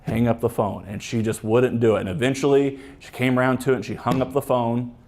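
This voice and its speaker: A man's voice: mid-range voice, steady tone, a little fast, a little mellow. A man, a police officer giving a casual talk to a club, joking and rambling with many fillers and restarts. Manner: joking, chatty, acts out quoted voices.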